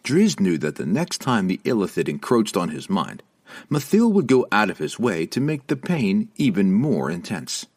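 A man narrating a fantasy audiobook with a dramatic, expressive reading. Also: on the low side, normal speed.

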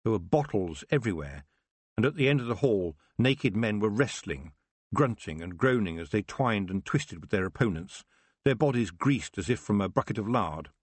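A man narrating an audiobook with expressive storytelling. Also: fairly low pitch, normal speed, breathy edge, dry recording. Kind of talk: scripted narration.

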